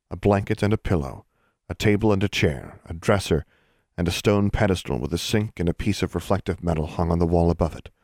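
A man reading a story aloud as audiobook narrator, in a steady, measured voice. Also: low voice, no room sound, clean studio sound. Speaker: audiobook reader.

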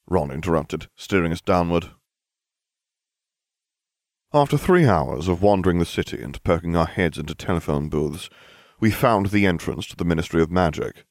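A man reads a storybook aloud with expressive delivery. His voice sits low yet moves widely in pitch. The recording is close and dry. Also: normal speed, dry recording. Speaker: narrator. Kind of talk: storybook reading.

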